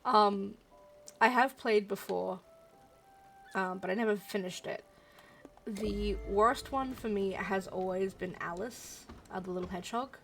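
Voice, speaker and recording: A woman streamer chatting casually while playing a game, musing out loud with frequent ums. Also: mid-range voice, a little slow, gravelly, soft background music. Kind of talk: casual let's-play commentary.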